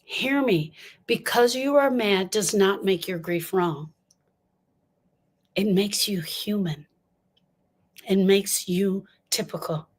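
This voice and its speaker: A woman's voice: medium pitch, takes it slowly, pauses often, husky. An older woman giving an impassioned talk on grief, emphatic and repeating lines for stress as she speaks straight to her listeners.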